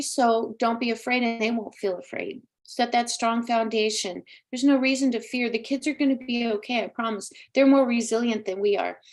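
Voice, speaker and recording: An emotional, chatty woman in her sixties hosts a live psychic talk show. Her voice sits a little high for a woman, and she talks with emphatic, heartfelt sincerity. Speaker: psychic medium host.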